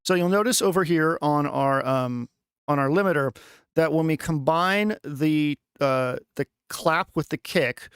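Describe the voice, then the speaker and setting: Gravelly man thinking aloud over music. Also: fairly high pitch, measured pace, fairly bright tone. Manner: chatty, thinks aloud with many fillers. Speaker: music producer streaming a lesson. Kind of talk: casual live-stream tutorial. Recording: music playing underneath.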